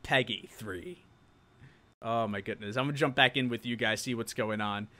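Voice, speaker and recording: A man's voice: mid-range voice, normal speed, sharp tone. A young man from New York with a New York accent, hosting a live-stream show and chatting casually with viewers, laughing often.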